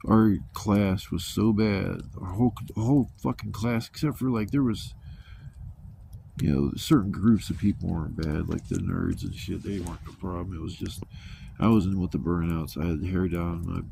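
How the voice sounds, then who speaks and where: Camping outdoors, a vlogger spins rambling stories full of profanity, keeping things relaxed and casual. He has a low, creaky, mellow voice at a moderate pace. The recording carries noisy outdoor sound around him.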